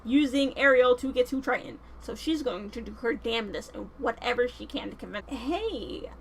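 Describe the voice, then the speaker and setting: A woman vlogger giving casual, animated, slangy film commentary. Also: a little high, moderate pace, slight background noise, low-quality recording.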